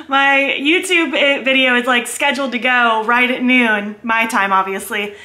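Giddy, bright-voiced woman vlogger. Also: on the high side, normal speed, few pauses. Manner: giddy, excitable, squealing and laughing often. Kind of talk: casual vlog chat. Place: at home, indoors.

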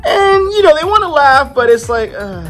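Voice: high-pitched, very animated, normal speed, fairly bright tone, soft background music. A comic book reviewer in a casual, chatty style, retelling the story loosely with playful asides.

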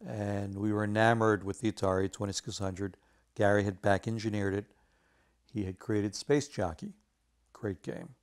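Man telling an animated game-industry story. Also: fairly low pitch, moderate pace. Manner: animated anecdote telling with quoted voices. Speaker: video game artist. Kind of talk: casual storytelling interview.

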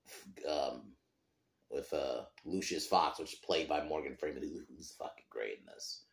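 A man's voice: a bass voice, echoey room. A man hosting a podcast, chatting casually about a film, rambling with loose swearing and trailing restarts. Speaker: podcast host. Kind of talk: casual film review chat.

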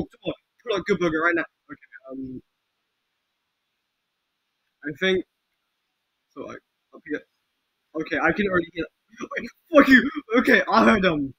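A high, bright male voice with a husky, gravelly edge, bouncing wildly up and down as he plays. He gives excitable gameplay commentary full of swearing and sudden yells. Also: no room sound, poor audio. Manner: excitable, swearing, yelling bursts. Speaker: video game YouTuber.

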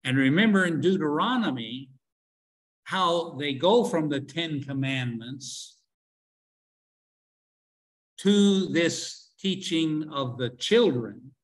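An older man teaching a religion class online, lecturing with many fillers, restarts and pauses. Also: a little high, a bit bright, rough recording.

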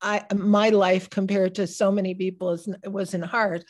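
Animated Chicago-accented woman in her sixties. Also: mid-range voice, unhurried. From Chicago area, USA. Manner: animated, digressive storyteller who often restarts sentences. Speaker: author being interviewed. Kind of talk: casual conversational storytelling. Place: synagogue.

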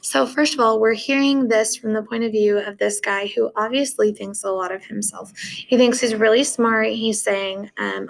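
A woman's voice: medium pitch, steady tone, moderate pace, gravelly. A woman English teacher reading a short story aloud and then explaining it to her class in a casual way.

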